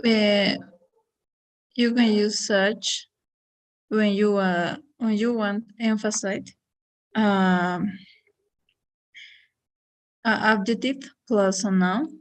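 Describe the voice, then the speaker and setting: A woman student answering her teacher hesitantly, with many pauses and fillers. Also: mid-range voice, fairly even intonation.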